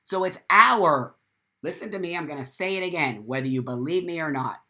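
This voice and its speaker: A man's voice: a little high, fast talker, a bit bright. A man hosting a casual live stream, talking bluntly and swearing freely, and reading out viewer comments as he goes. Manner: reads viewer comments aloud.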